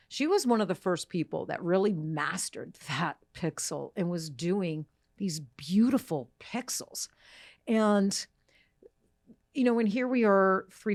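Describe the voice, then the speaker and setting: A woman's voice: lowish voice, a little mellow, no room sound, clean studio sound. A woman hosting a podcast, talking in a chatty, enthusiastic way with many fillers and restarts. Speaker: podcast host. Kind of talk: casual podcast chat. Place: recording studio.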